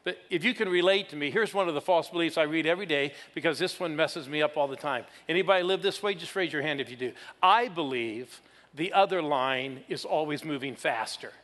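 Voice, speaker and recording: A pastor in his sixties preaches with a slightly high voice, telling his story and teasing the congregation along the way. His words ring out with a long reverb from a large hall. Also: brisk, a bit bright. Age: 60s. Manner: storytelling, playful with the audience. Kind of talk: sermon.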